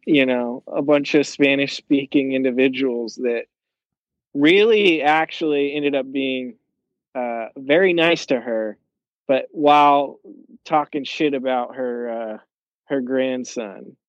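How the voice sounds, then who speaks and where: A man's voice: medium pitch, slow pace, no echo, dull audio. Rambling young man telling a story. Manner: rambling, profane storytelling with fillers. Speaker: storyteller in a casual podcast chat. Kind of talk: casual chat.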